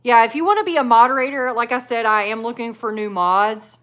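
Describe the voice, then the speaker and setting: A woman's voice: fairly high pitch, brisk, a bit bright. A woman hosting a casual live stream, reading chat comments aloud and talking with viewers. She chats loosely, laughs often and fills her talk with "like". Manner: chatty, laughs often, many "like" fillers. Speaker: livestream host reading chat.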